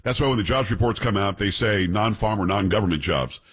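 This opinion-show host from New York has a husky, fairly bright voice on the low side and talks a little fast. Describing clips, he's blunt and contemptuous, leaning on rhetorical asides.

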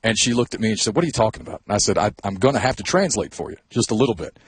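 A man's voice: lowish voice, animated, very fast, slight background noise. A man from the Blue Ridge Mountains, chatting easily as a guest co-host on a radio show. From Blue Ridge Mountains, US South. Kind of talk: casual radio chat.

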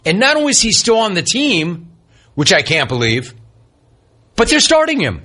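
Male sports talk host, heated mocking monologue, lively bright delivery. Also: sits high, normal speed, husky. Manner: ranting, sarcastic, mocking.

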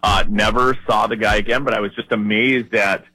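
A man from Minnesota who works as a fishing guide talks animatedly in a casual podcast conversation. His voice sits low but sounds bright and forceful. He tells his stories loosely, with lots of "you know" and "like". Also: normal speed, no room sound, low-quality recording. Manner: storytelling, animated, lots of fillers.

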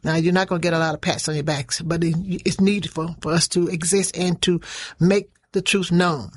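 A woman's voice: on the low side, fairly even intonation, normal speed. A woman giving a motivational radio talk, preaching and repeating lines for emphasis. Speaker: community program leader.

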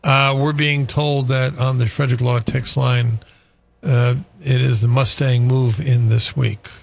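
A man with a gravelly, creaky voice hosts a call-in radio show. He talks in an easygoing, relaxed way and greets each caller by name. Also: mid-range voice, a little slow. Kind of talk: casual radio chat.

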